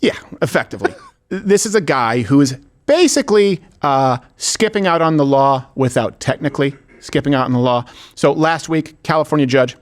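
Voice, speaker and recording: A man hosting a comedic political commentary show, sarcastic and quick to laugh. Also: medium pitch. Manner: sarcastic, bursts into laughter and mock voices. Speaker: show host.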